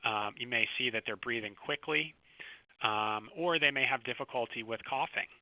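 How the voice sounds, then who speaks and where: Calm male doctor giving a lecture. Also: mid-range voice, moderate pace, no echo. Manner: calm, explanatory clinical teaching. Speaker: physician lecturing first responders. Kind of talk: recorded medical lecture over slides. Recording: dry, slightly dull close recording.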